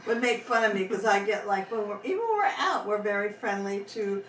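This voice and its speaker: Chatty woman on a podcast, lively, echoey room. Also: a little fast. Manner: lively, warmly chatty, jumps pitch when quoting people. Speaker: podcast co-host. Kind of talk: casual chat. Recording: roomy sound, mic at a distance, faint background noise.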